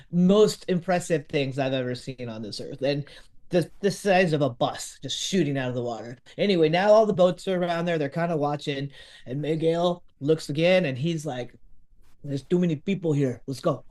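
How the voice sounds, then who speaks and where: Animated storytelling man, slightly high voice. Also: moderate pace. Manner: lively, acts out quotes of others. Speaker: podcast host telling a story.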